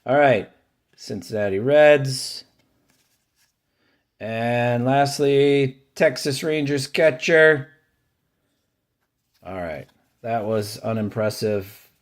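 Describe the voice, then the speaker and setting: Slow-talking man opening baseball packs. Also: medium pitch. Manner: offhand, names each card as it turns up, grumbles and cheers by turns. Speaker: card collecting channel host. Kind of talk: casual running commentary while opening card packs.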